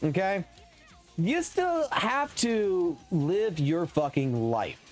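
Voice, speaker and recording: A man streaming a game live, ranting with heavy swearing in an animated, excitable way. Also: high-pitched, slow pace, soft background music. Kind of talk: profane live stream rant while gaming.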